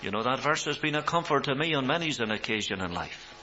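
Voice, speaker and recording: A man preaching a sermon, swelling in pitch and loudness for emphasis, on a dull recording with mains hum. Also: lively intonation, quick pace.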